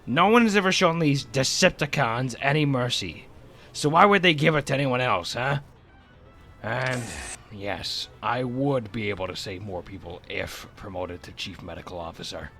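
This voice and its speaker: A man's voice: mid-range voice, animated, moderate pace, bright, forceful tone, soft background music. A man voicing an earnest, irritable male robot doctor in a fan audio drama, speaking with urgent insistence.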